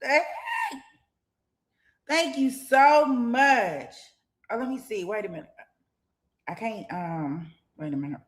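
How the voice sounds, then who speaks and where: A woman's voice: a little high, animated, takes it slowly, long pauses. A middle-aged woman hosting a casual livestream, chatting straight to her viewers and rambling with restarts. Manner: chatty, talks straight to viewers, thanks donors; rambling, with many restarts and fillers. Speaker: livestream host commenting on a trial.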